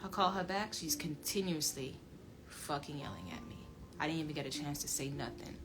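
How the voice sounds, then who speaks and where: A woman telling a personal story in emotional casual speech. She swings from low muttering to loud, emphatic outbursts. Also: expressive, moderate pace. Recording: music playing under the voice.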